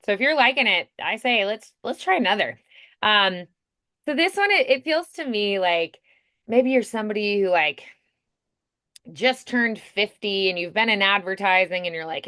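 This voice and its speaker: A woman's voice: mid-range voice, expressive, moderate pace, bright, forceful tone, no echo, studio quality. A woman coaching a voice acting student in casual, chatty feedback, full of "like" and "you know", often acting out example lines.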